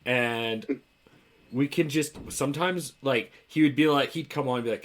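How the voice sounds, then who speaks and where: A young man co-hosting a podcast, telling animated stories in casual chat and laughing often. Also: medium pitch, normal speed. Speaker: podcast co-host.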